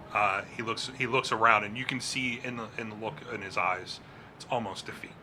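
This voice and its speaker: A man's voice: lowish voice, normal speed, noisy background. A man narrating a tabletop game as game master, describing scenes casually with frequent fillers.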